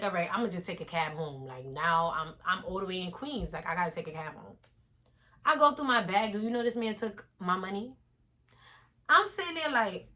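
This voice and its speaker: A young woman, telling an animated casual storytime vlog straight to her viewers. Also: lowish voice.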